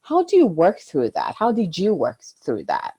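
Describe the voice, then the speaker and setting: A woman hosts a casual podcast interview in a lowish, mellow voice that swoops up and down a lot. She keeps agreeing with her guest and asks open, curious questions. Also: wildly swooping pitch, normal speed, husky. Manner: warmly affirming, frequent agreeing replies. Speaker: podcast host.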